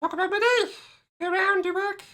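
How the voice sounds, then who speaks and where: A man doing a silly, exaggerated high-pitched voice of a chatty guy rambling about his day, as a streamer showing off. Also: steady tone, brisk, bright, forceful tone. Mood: breezy. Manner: exaggerated falsetto, breezy everyday rambling.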